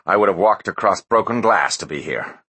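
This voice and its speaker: Man putting on a brash loud American tycoon. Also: deep voice, animated, moderate pace, breathy edge, pitched above the performer's own voice, exaggerated voice. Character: cocky middle-aged American tycoon, brash.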